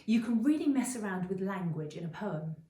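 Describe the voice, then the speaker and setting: A middle-aged woman teaching creative writing in a chatty, explanatory video lesson, often pausing with ums and restarting phrases. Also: medium pitch, expressive, dark tone, recorded from a distance. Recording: roomy echo, voice a bit off-mic.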